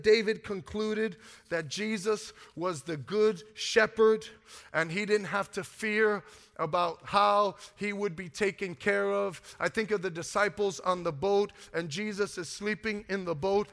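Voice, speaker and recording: Preaching pastor in a reverberant hall. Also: male voice, high voice, fairly bright tone. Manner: preaching with call-and-response questions to the congregation. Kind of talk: sermon. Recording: music and long hall reverb.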